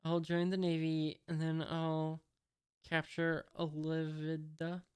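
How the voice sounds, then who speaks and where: A reader voicing a timid young cabin boy, reading in a hesitant, flat way. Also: mid-range voice, slow pace, smooth, lightly acted. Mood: earnest.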